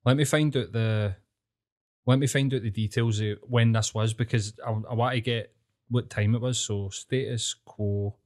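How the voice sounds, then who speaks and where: A Scottish man from Glasgow in his thirties, chatting on a podcast. He swears nonstop and works himself up into animated rants. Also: fairly low pitch, normal speed. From Scotland. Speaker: podcast co-host. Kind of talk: casual sweary podcast chat.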